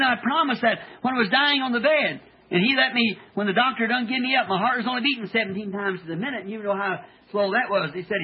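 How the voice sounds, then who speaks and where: Man, preacher, fervent halting sermon, husky voice, tinny old tape. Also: very high-pitched. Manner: fervent, halting, with repeated stammered restarts. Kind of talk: sermon testimony.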